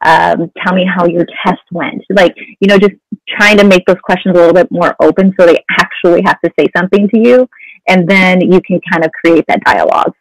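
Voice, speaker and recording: A woman's voice: lowish voice, brisk, dry recording, rough recording. A woman counselor talking casually as a podcast guest, often saying "you know". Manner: conversational, many "you know" fillers. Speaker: mental health counselor guest.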